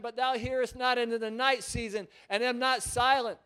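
A man preaching a sermon in church, reading scripture aloud and swinging between hushed, intimate passages and loud, fervent declarations. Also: extremely high pitch, steady tone, moderate pace, clear, resonant tone.

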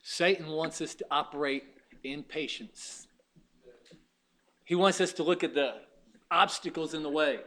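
Animated preacher man with a bright voice. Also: measured pace, long pauses. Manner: storytelling, swings from quiet asides to loud high exclamations. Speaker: pastor. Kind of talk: sermon.

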